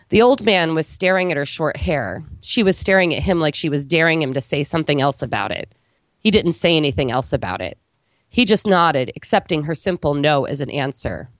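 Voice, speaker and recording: Brief: woman reader, low voice, steady and unflinching storytelling, dry, dull lo-fi recording. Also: no room sound. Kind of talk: reading a literary story aloud.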